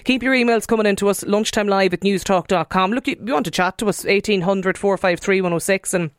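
A woman hosting a live radio talk show, reading listener emails aloud and gently prompting callers. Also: mid-range voice, brisk, dry recording, clean studio sound. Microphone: studio microphone.

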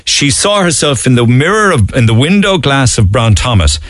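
A man's voice: medium pitch, very animated, moderate pace, fairly bright tone, no echo, studio quality. A man with a Cork accent hosting a radio talk show, asking curious, conversational questions. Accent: Irish, Cork. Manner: conversational, inquisitive. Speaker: radio host. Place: radio studio.

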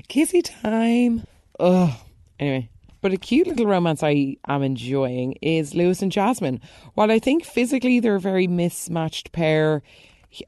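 A woman chatting casually through a TV soap recap, animated and opinionated, with quick asides and exclamations. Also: low voice, no echo, clean studio sound.

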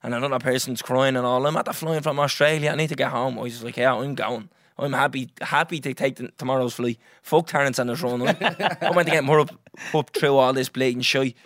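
A young Irish man hosting a podcast, telling a story in a lively, swearing, casual way and acting out what others said. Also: mid-range voice, brisk, hardly any pauses, no room sound, clean studio sound. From Ireland. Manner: animated, swears freely, acts out others' lines. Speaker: podcast host.

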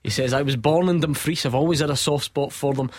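A man's voice: a little high, fast, no echo, studio quality. A man hosting a sports radio phone-in, chatty and jokey, often breaking into laughter.

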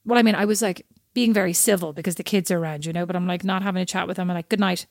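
A woman's voice: fairly low pitch, fairly even intonation, racing, darkish tone, dry recording, studio quality. A woman co-hosting a podcast in casual chat, talkative and acting out the voices of people she quotes. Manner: chatty, acts out quoted voices. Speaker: podcast co-host.

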